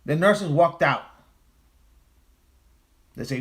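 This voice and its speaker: A man's voice: a little high, a little slow. A man hosting a casual livestream, talking in an emphatic, profane way and repeating his phrases for stress. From United States. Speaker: livestream host.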